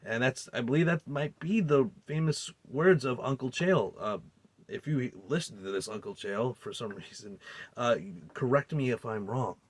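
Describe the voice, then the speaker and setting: A man's voice: mid-range voice, moderate pace. A man giving a heated, profanity-laced film recap and review, rambling and incredulous. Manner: rambling with restarts and fillers. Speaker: movie reviewer.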